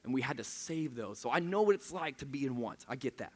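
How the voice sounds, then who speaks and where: Young man preaching in a chatty, animated way. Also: medium pitch. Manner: animated, self-mocking storytelling with quick restarts. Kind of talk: conversational sermon. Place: church service in a room of listeners.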